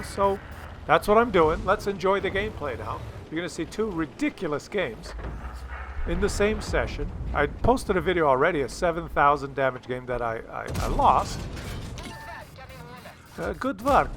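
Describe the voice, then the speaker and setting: Excitable man hosting gameplay commentary. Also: high-pitched, a little hiss or hum. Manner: excitable, rambling and jokey. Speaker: gaming video host.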